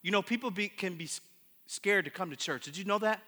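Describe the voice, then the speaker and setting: Male preacher giving a testimony sermon: high, piercing voice, halting retelling that builds to emphatic preaching, heard with hall reverb. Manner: storytelling, with many restarts and repeated words; swings from hushed to emphatic preaching. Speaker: pastor.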